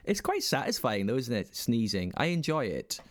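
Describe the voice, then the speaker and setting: A man's voice: medium pitch, very animated, normal speed, no echo, clean studio sound. A man in his forties co-hosting a podcast, telling stories in casual chat and acting out voices in his anecdotes. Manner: chatty storyteller, acts out voices in anecdotes. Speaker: podcast co-host.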